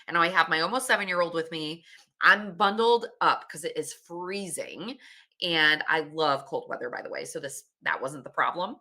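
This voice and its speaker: A woman's voice: sits low, pushed and bright. A woman in her late thirties, a podcast host, casually telling a candid story with laughs and swearing. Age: 30s.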